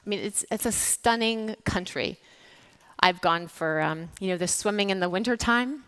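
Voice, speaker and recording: A woman's voice: medium pitch, normal speed, fairly bright tone, clean tone. An American woman from the United States giving a conference talk on stage, chatty and anecdotal, with plenty of fillers and restarts. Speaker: keynote speaker. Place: stage at a summit.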